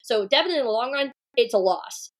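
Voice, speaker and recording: A woman co-hosting a podcast in casual discussion, rambling and animated, with lots of fillers. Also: on the high side, fast. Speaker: podcast co-host.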